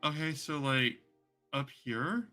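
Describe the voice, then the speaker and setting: A man's voice: mid-range voice, animated, takes it slowly, sharp tone, faint music behind. A man voicing a chatty young woman guide who rambles and is lovestruck. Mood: rambling. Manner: rambling, full of "like" fillers.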